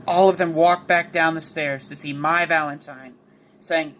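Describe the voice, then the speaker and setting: High, bright young man narrating a story. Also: steady tone, moderate pace, a little hiss or hum. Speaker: channel host and storyteller. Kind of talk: casual fan-story narration.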